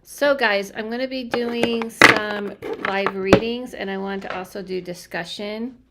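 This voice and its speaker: A young woman chats loosely into her phone on a home livestream, talking at an ordinary middle pitch. She rambles and stops to restart her sentences, her words full of fillers and asides. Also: fairly even intonation, unhurried, heavy background noise. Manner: chatty, scattered, many fillers and restarts. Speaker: medium doing live readings. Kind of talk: casual livestream chat. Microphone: phone or webcam livestream.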